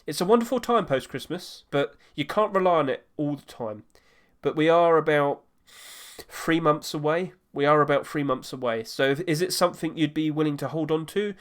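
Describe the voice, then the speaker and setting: A man's voice: a little high, moderate pace. A man talking casually on his own about market prices, rambling a little and correcting himself as he goes. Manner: rambling, self-correcting, chatty. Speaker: gaming market commentator. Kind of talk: casual solo commentary.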